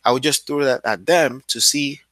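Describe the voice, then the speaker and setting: A man in the middle of his register gives a relaxed, conversational lesson and keeps tagging his points with quick check-ins. The sound is close and dry, with no room around it. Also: medium pitch, no echo. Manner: loose and conversational, often checks in with "right?" and "okay?". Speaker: real estate wholesaling coach. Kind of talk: casual instructional talk.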